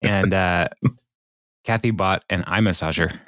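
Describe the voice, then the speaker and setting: A man's voice: low-pitched, slow, fairly bright tone, dry recording, studio quality. A man co-hosting a podcast, retelling scenes in a rambling casual way and chuckling often. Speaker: podcast co-host. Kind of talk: casual chat.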